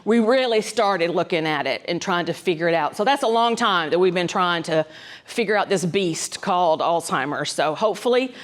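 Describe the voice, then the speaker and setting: A woman's voice: on the low side, expressive, normal speed. A woman, a dementia specialist giving a folksy, conversational talk to caregivers, often checking in with "right?". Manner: conversational, folksy, frequent ums and asides, keeps checking in with "right?".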